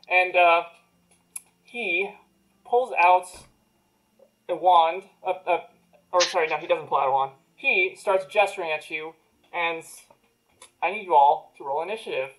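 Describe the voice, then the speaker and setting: A woman narrating as game master of a tabletop game, giving brisk, matter-of-fact rulings. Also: fairly low pitch, poor audio.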